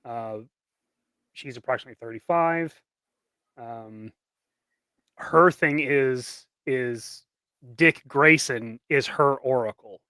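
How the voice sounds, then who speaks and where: Man with a mid-pitched bright tense voice, easygoing with many ums, dry close sound. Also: slow pace, long pauses, clean tone, no room sound. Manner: relaxed, hesitant, lots of ums when explaining ideas. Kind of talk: casual chat on a livestream.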